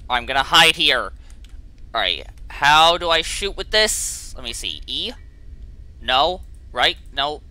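A man commenting on a horror game he is playing, swinging from quiet muttering to frustrated yelling and reading notes aloud. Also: on the high side, sing-song. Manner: reads an in-game note aloud haltingly. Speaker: gameplay video host.

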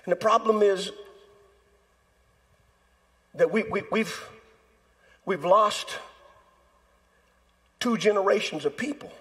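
Male pastor preaching, high voice with a husky edge, long hall reverb. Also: a bit bright. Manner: preaching with dramatic acted-out quotes. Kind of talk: sermon. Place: church sanctuary.

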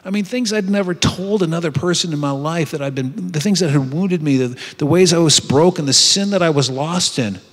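A man's voice: fairly high pitch, fairly quick, hardly any pauses. A man giving a heartfelt personal testimony at a retreat, telling his story earnestly with frequent restarts. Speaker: retreat speaker. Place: conference hall. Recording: long hall reverb.

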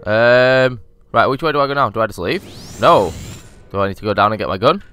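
A man's voice: medium pitch, expressive, brisk, sharp tone, a little hiss or hum. A young man doing casual, sweary let's-play commentary as a gaming YouTuber. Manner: sweary, cheeky, chatty.

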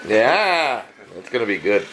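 A man's voice: fairly low pitch, big pitch swings, a little slow, a bit bright, a little hiss or hum, poor audio. A man hosting a casual home cooking vlog, joking and coaxing others to taste the food. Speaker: home cook vlogger. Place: home kitchen.

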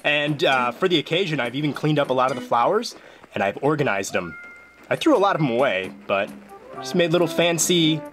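A man's voice: on the high side, brisk, soft background music. A young man giving casual, jokey commentary over a video game as host of his video journal. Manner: playful, jokey, animated exclamations.

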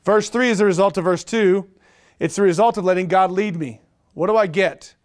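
Middle-aged pastor guy preaching, kinda high voice, repeats himself a lot, throws out questions. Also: fairly quick. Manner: animated preaching with repeated phrases and rhetorical questions. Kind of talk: sermon.

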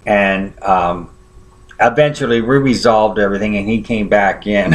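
A man's voice: lowish voice, normal speed. A man preaching a sermon, telling a personal story in a conversational way and often checking in with his listeners.

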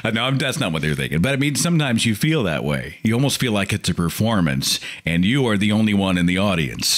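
A man's voice: fairly low pitch, fast talker, hardly any pauses. A man hosting a call-in podcast, talking casually and with feeling. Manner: animated, mocking impressions of pious relatives. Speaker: podcast host. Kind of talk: casual call-in show monologue.

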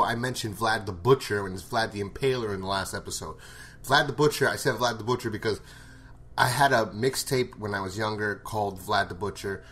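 A man's voice: lowish voice, a bit bright. Blunt, profane man recapping a show. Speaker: show reviewer. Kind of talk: casual episode recap.

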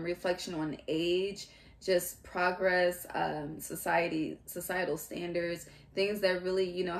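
A young adult woman giving a casual tarot reading, musing aloud in halting fragments and restarts. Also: fairly low pitch, gravelly, a bit bright. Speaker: tarot reader.

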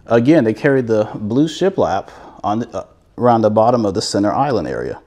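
Enthusiastic male home-tour host, lively up-and-down delivery, casual and chatty. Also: fairly low pitch, a little fast. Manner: enthusiastic, chatty, repeats words. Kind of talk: casual walkthrough narration. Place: inside a manufactured home show model.

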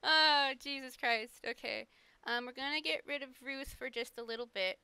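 A woman's voice: on the high side, brisk, creaky, pushed and bright, smooth, dry recording. A woman streaming and chatting casually to her viewers, laughing often and swearing freely. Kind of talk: casual live-stream chat.

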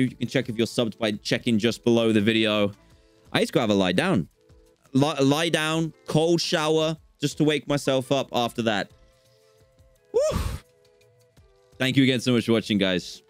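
A young man hosting a gaming channel, giving let's-play commentary and swinging between calm chatter and panicked yelps. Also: mid-range voice, moderate pace, clear, resonant tone, dry recording, soft background music.

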